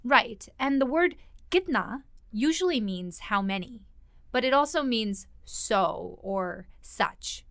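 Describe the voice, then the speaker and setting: A woman's voice: on the high side, expressive, slow, creaky, a bit bright, no echo, clean studio sound. A woman hosting a podcast language lesson, conversational and thinking aloud as she explains grammar.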